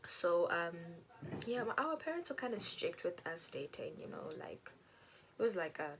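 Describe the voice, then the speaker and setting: A woman's voice: on the low side, moderate pace, a little hiss or hum. A young woman from South Africa, chatting while doing her makeup and telling a personal story, acting out quotes in a raised voice. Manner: animated, acts out quotes in a raised voice. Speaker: beauty vlogger. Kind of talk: chatty get-ready-with-me storytelling.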